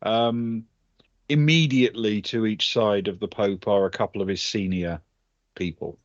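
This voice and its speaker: Brief: male game master, lowish voice, measured narration, dull dry home mic. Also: steady tone, no echo.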